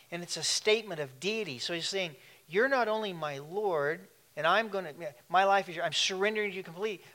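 Man, pastor preaching, animated, laughing asides, fairly high voice. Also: a little fast, few pauses. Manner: animated, laughing asides, shifts between loud and hushed. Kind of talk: sermon.

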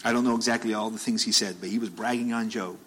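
A man's voice: fairly low pitch, steady tone, fast talker, fairly bright tone, breathy edge, rough recording. A man delivers a sermon in an everyday, conversational tone. He circles back on his phrases, and his voice climbs into urgent, repeated questions when he makes a point. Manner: conversational, rises to emphatic bursts, repeats phrases. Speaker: preacher.

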